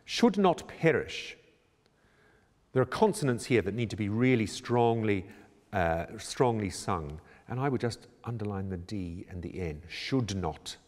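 A man working as a choir director, calmly explaining how to prepare a choral score in a measured, instructional way. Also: lowish voice. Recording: reverberant room with long echo.

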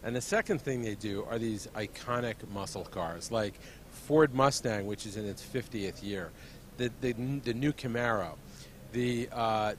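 Brief: male pundit, mid-range voice, measured and informed, faint hall rumble. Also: fairly bright tone. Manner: knowledgeable, measured, hesitant fillers. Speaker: automotive editor guest. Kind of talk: expert interview answers. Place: busy convention hall booth.

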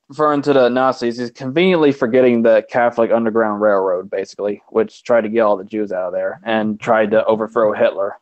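A man in a casual podcast discussion, laying out his points in a measured way. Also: medium pitch, dry recording. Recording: dry, muffled lo-fi audio.

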